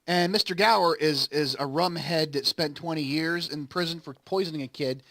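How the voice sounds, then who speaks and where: A man's voice: a little high, moderate pace, bright, forceful tone, no echo. A man hosting a gaming channel, casually and ramblingly retelling a story, quoting lines as he goes. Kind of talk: casual recap while playing a game.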